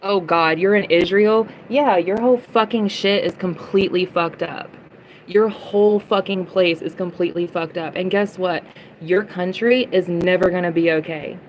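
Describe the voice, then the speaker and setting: A woman's voice: fairly low pitch, moderate pace, slight background noise, rough recording. Girl ranting on her livestream at chat, swearing a lot, says stuff twice to drive it home. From United States. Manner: heated, profane, repeats phrases for emphasis. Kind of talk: livestream rant answering chat comments.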